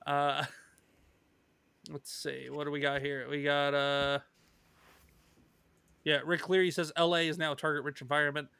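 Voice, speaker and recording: A man's voice: on the high side, level tone, normal speed, gravelly, long pauses, bright, forceful tone, smooth, no room sound. A man co-hosting a casual live stream, reading viewer comments aloud and laughing often. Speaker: stream co-host reading chat.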